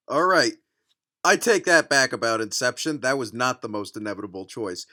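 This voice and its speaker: A young man doing a sarcastic, profane comedic reaction to a book, mocking it with loud outbursts and muttered asides. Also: mid-range voice, moderate pace. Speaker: vlogger reviewing a book.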